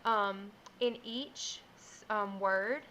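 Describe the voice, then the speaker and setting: A woman teacher giving a first grade phonics lesson, explaining slowly and clearly and sounding out words. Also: medium pitch, bright, forceful tone, slight background noise, low-quality recording.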